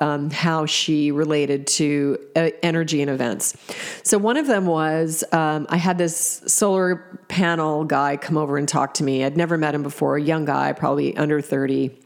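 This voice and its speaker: Middle-aged woman, low gravelly voice, reflective storyteller. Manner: reflective, with fillers and restarts. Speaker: parent telling stories. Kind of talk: personal storytelling.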